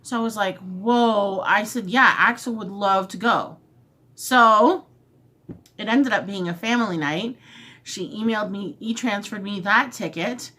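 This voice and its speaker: Unhurried and medium in pitch, a woman vlogger eats as she tells a long, casual story. She stays chatty and animated, regularly acting out both her words and others'.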